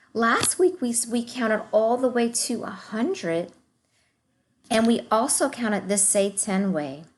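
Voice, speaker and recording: A woman teacher giving a recorded math lesson to young children, slow and encouraging, speaking straight to the kids. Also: mid-range voice.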